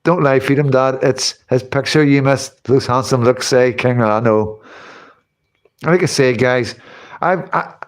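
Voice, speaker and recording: A man with a medium-pitched voice hosts a casual livestream, speaking a little slowly as he rambles, chats and reads out comments from the chat. He often breaks into laughter.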